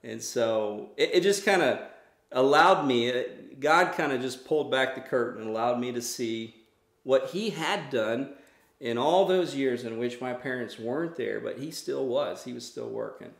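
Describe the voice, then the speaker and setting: A man's voice: mid-range voice, normal speed, vocal fry, echoey room. A man sharing his testimony as a missionary on a podcast, earnest and restarting his sentences as he goes. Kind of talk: testimony in a conversation.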